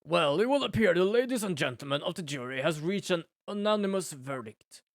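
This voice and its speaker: A man's voice: sits high, lively intonation, fairly quick, no room sound. A man voicing a formal older male judge in a video game. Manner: formal, ceremonious.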